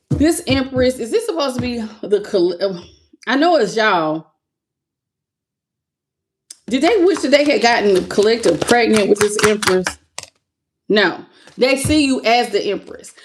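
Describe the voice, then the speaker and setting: Tarot reader, woman, slightly high pitch, loose and chatty, calls viewers "baby". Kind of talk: casual livestream tarot reading.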